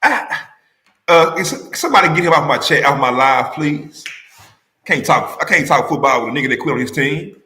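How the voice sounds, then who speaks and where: Animated man teasing on a live stream. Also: on the high side, moderate pace, echoey room. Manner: teasing, insistent, repeats questions, laughs loudly. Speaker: livestream host. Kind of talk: heated football banter on a live stream.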